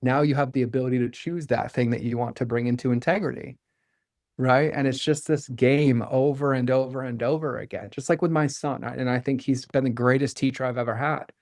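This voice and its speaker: A middle-aged man as a podcast guest, speaking earnestly in a fast flow with lots of fillers like "like" and "right?", and acting out little bits of dialogue as he goes. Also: mid-range voice, fairly even intonation, dry recording, studio quality. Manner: acts out quoted dialogue with his son. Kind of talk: candid interview talk.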